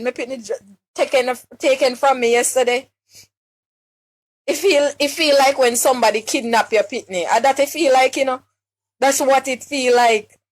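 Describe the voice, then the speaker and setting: A woman with a Jamaican accent, a mother making an upset, pleading public appeal on a live stream, halting and restarting her words. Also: high-pitched. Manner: distressed, halting, many restarts and repeated words.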